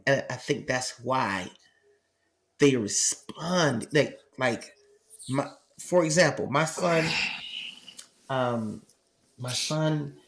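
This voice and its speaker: Man telling a story in conversational talk. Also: medium pitch. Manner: conversational, frequent "you know what I'm saying" asides, acts out dialogue. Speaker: host. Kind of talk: casual storytelling.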